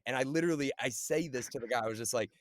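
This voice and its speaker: A man's voice: medium pitch, racing, dry recording. A man co-hosting a casual podcast chat, telling a story, swearing freely and acting out the lines he quotes. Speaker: podcast co-host.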